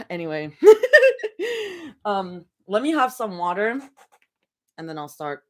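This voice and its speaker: This fanfic livestream reader is a young woman talking casually from her bedroom ahead of the reading, giggling a lot, rambling, and bursting into excited yells. She speaks in a mid-range voice, taking it slowly with long pauses.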